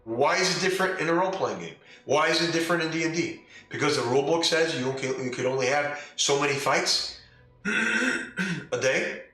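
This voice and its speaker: A man acting as dungeon master hosts a podcast, delivering a casual opinion monologue in a voice on the high side, pushed and bright, with lively intonation at a moderate pace. Blunt and emphatic, he fires off rhetorical questions, heard through a distant mic in a very echoey room with faint music.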